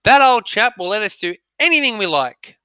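An excited storybook schoolboy, as a male teacher reads him aloud. The words come slowly, pitched a little high. The tone is crisp and bright. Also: no echo, full character voice. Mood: delighted. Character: boy, cheerful, excited schoolboy.

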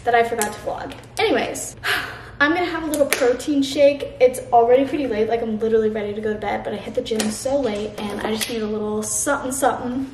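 A woman's voice: on the high side, fast, reverberant, noisy background. A woman in her twenties chatting casually to camera in her home kitchen as a vlogger. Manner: chatty, talks to camera while cooking. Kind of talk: casual vlog chat.

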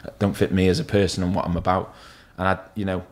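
A man's voice: low-pitched, little pitch movement, fast. A man, a tattoo artist who is a podcast guest, chatting casually and candidly, swearing freely as he rambles. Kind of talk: casual chat.

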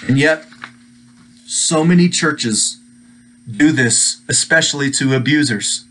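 A man's voice: mid-range voice, slow, fairly bright tone. A male pastor giving a devotional sermon, emphatic and pleading as he cites scripture heavily.

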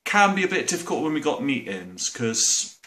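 A man with a Bristol accent giving a rambling, deadpan comic monologue as a mock professor, using broad dialect grammar. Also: medium pitch, moderate pace.

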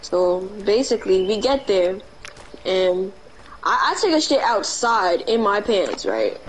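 A woman streamer chatting while gaming, telling an animated childhood story full of slang and swearing. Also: mid-range voice, measured pace, slight background noise, rough recording. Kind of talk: casual chat while gaming.

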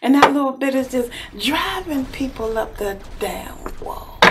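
Woman, tarot reader, high pitch, animated and teasing, noisy background. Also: unhurried. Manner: animated, teasing, calls the listener baby. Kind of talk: tarot love reading.

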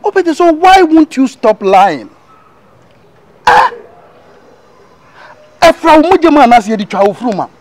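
A man's voice: extremely high pitch, sing-song, moderate pace, pauses often, a little hiss or hum. A man voicing an exasperated friend who scolds and mocks a liar, with a Ghanaian accent, in a comic cartoon dub. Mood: scolding. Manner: scolding, shouting, mocking.

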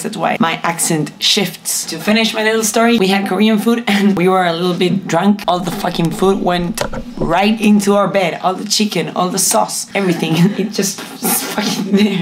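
A woman's voice: mid-range voice, normal speed, noisy background. A young woman vlogger chatting casually and teasingly, swearing often and laughing. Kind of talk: casual vlog chat in English.

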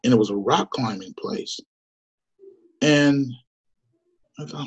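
A man's voice: medium pitch, lively intonation, slow pace, pauses often, slightly rough. A middle-aged man giving an earnest, conversational personal testimony, full of fillers and restarts. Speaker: guest storyteller. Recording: muffled lo-fi recording.

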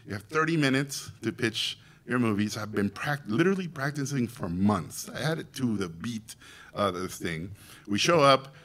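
A Mexican man with a bright, forward voice tells a story to an audience. He delivers it theatrically, jumping into loud acted quotes and chuckling as he goes. His pitch sits in the middle range for a man. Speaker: animation director and festival guest speaker.

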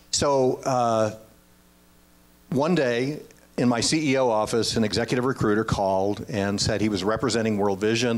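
Low-voiced man in his 60s telling stories. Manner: earnest, anecdotal, with quoted dialogue. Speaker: guest. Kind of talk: casual storytelling.

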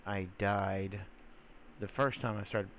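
A man's voice: on the low side, fairly even intonation, takes it slowly, a bit bright, slight background noise. A man giving casual, rambling gameplay commentary, full of fillers, who sometimes coos teasingly at the creatures in his game. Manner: rambling, chatty, filler-heavy; teasing baby-talk to game mobs. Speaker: gamer.

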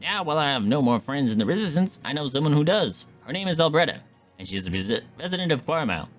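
A man's voice: sing-song, rapid-fire, pushed and bright, soft background music. A man voicing an earnest male resistance veteran in a game, with a made-up theatrical accent. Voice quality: put-on accent, high and theatrical.

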